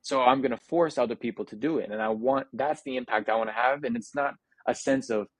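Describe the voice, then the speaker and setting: A man's voice: medium pitch, fairly quick, breathy edge, no echo. A young man from the United States, speaking as an interview guest in a reflective, earnest way, with frequent restarts and fillers. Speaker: interview guest, Paralympic athlete. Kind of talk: casual interview.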